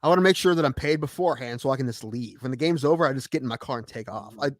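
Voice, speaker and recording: Man, 30s, podcast co-host; fast, animated storyteller, dry mic. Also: medium pitch, dry recording. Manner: storytelling, animated quoted voices. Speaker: podcast co-host, baseball umpire. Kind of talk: casual chat.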